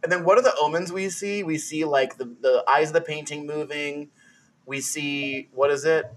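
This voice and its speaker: Young male co-host, slightly high voice, rambling, giggly, full of fillers. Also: steady tone, normal speed. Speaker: podcast co-host. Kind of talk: casual chat.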